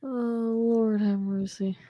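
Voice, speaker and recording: A woman's voice: on the high side, flat delivery, slow pace, dry recording, dull audio. A woman hosting a casual stream chat, swearing constantly and laughing often. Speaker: host.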